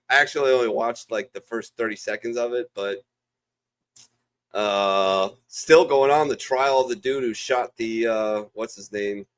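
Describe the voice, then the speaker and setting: A man's voice: mid-range voice, smooth. A man, a veteran co-host, telling service stories in casual chat, profane and rambling with lots of fillers.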